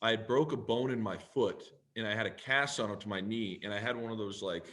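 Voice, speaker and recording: A man tells a long personal story on a podcast. His delivery is animated and loose, with frequent swearing. He acts out both sides of each conversation as he goes. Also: on the low side, fairly quick. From Canada. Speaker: podcast guest, pro football player. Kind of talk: casual storytelling.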